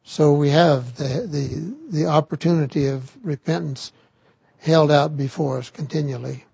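An older man giving a sermon on scripture, slow and halting with frequent restarts. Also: on the high side, steady tone, gravelly, mellow, husky, no echo. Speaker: scripture teacher.

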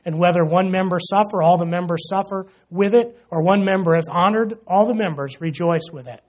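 A man preaches a sermon in church with a high-pitched voice at a brisk clip. He keeps it conversational, joking with the congregation and saying "you know" often.

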